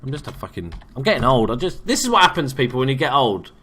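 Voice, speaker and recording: A man's voice: mid-range voice, sing-song, quick pace, fairly bright tone, slight background noise. A young man from England giving casual, sweary, jokey let's-play commentary as a gaming YouTuber.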